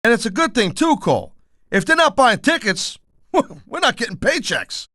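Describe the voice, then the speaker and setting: A man's voice: very high-pitched, big pitch swings, normal speed, bright, forceful tone, dry recording, studio quality. A middle-aged man doing color commentary for a wrestling video game, blunt and wisecracking with tough-guy slang.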